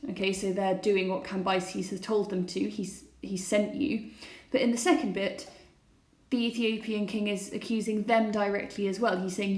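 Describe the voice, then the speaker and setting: A woman's voice: mid-range voice, echoey room. A woman teacher explaining a set text over slides in a recorded lesson, asking her students questions as she goes. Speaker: classics teacher.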